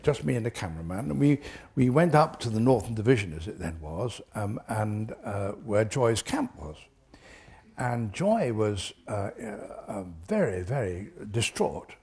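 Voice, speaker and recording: An older man telling animated anecdotes as an interview guest, chuckling through his stories. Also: medium pitch, moderate pace, gravelly.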